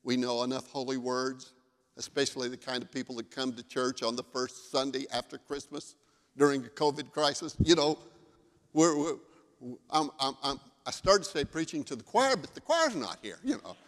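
A man's voice: mid-range voice, moderate pace, long reverb tail. A male pastor giving a sermon in a conversational, storytelling way.

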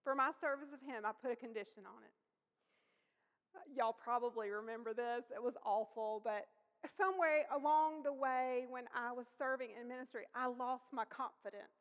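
A woman preaching a sermon, telling a personal story in a conversational, lively way. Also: on the high side, moderate pace. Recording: long reverb of a large hall.

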